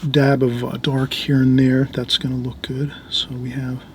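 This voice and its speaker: A middle-aged man giving an easygoing oil painting lesson, talking while he works and often trailing off softly. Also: mid-range voice, monotone, moderate pace, a little hiss or hum. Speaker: painting instructor. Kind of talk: relaxed painting tutorial.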